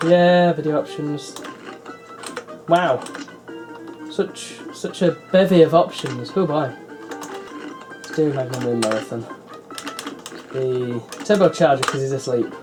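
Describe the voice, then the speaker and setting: A man giving casual running commentary while setting up and playing old PC games, with wry, chatty asides. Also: medium pitch. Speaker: retro PC builder and player.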